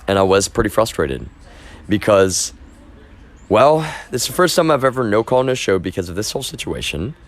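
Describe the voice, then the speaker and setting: Very deep-voiced man rambling insistently. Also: sing-song, normal speed. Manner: rambling, with many restarts and repeated phrases; insistent, keeps stressing his point. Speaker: livestreamer. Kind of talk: casual unscripted monologue.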